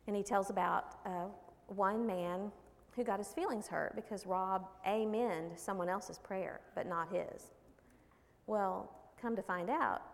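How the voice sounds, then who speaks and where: A woman's voice: medium pitch, gravelly. A woman giving a devotional talk, telling folksy stories and reading scripture. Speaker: women's Bible study speaker. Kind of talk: sermon. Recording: long hall reverb.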